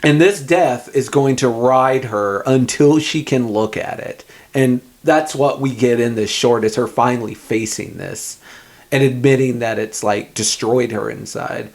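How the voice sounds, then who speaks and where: A man co-hosting a casual movie discussion, retelling scenes with lively quoted lines and frequent laughs. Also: mid-range voice, measured pace, gravelly. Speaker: podcast co-host.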